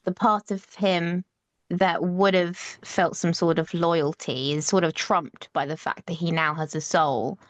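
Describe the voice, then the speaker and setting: Woman co-host, relaxed chatty delivery, laughs a lot, dry close recording. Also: on the low side, a little slow, no room sound. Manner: chatty, laughs often, trails off and restarts. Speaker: podcast co-host. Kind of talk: casual chat.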